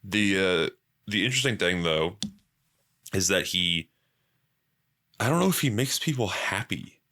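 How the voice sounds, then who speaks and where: A man's voice: low-pitched, lively intonation, unhurried, sharp tone. A young man hosting a podcast, chatting casually and profanely and acting out quoted voices. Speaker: podcast host.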